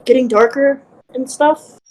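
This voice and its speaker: A woman's voice: high voice, unhurried, darkish tone, low-quality recording. A woman player in a tabletop game, reassuring and earnest in character. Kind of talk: tabletop role-play.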